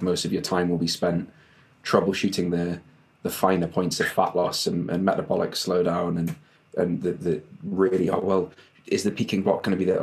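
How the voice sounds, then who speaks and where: A man, a fitness coach and podcast co-host, chatting in a laid-back way on a video call and laughing easily. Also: deep voice. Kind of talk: casual podcast chat. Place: home setup on a video call.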